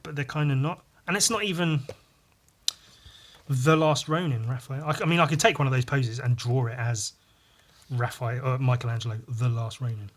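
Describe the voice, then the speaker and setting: A young man with a wheezy, squeaky breath, rambling crudely and mocking himself as he draws. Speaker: podcast host drawing. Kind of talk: rambling solo chat while drawing.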